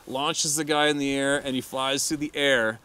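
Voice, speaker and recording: A man's voice: medium pitch, normal speed, clear, resonant tone. A middle-aged man, a hunting guide, telling a crude story casually and laughing often. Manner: laughs often, crude and animated when quoting.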